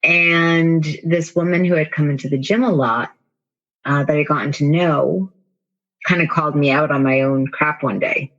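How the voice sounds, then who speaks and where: A woman's voice: sits low, fairly even intonation, normal speed, fairly bright tone, dull audio. A woman coach, a podcast guest, telling a personal story in a candid, self-deprecating way with many fillers. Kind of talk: casual storytelling in an interview.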